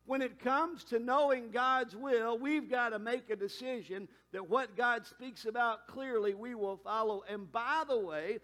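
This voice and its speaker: A pastor preaching a sermon in a conversational way, with quick asides and emphatic climbs. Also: male voice, extremely high pitch, bright, forceful tone.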